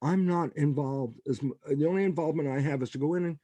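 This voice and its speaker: Speaking quickly, this older man has a voice that sits slightly high yet sounds dark and mellow, with a gravelly edge. As a scientist guest on a podcast interview, he tells stories with animation, performing the lines of the people in them. The audio is dry and close, with no room sound.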